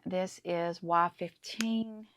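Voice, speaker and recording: A woman's voice: on the low side, fairly even intonation, slow pace, fairly bright tone, a little hiss or hum. A woman hosting a casual crafting tutorial, chatty and enthusiastic as she talks through each step. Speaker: crafting channel host.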